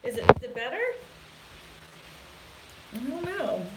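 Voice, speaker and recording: A woman's voice: high-pitched, big pitch swings, measured pace, noisy background. A woman real estate agent chatting casually on a live stream from a hotel room, giggly and rambling, recorded on a phone. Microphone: phone camera.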